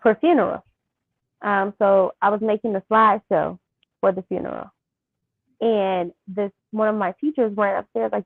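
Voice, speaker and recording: A young woman interviewed as a guest, telling a personal story softly and haltingly, with many fillers. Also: mid-range voice, steady tone, creaky, dry recording. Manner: soft-spoken, halting with fillers. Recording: thin phone-like line.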